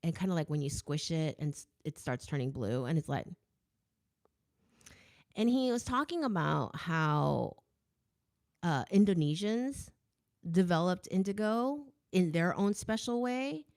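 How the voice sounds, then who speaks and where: An American woman chats casually as the host of her own show, answering viewer comments. Her voice sits on the low side, and she talks with emphatic, animated asides. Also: a little slow. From United States. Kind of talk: casual chat.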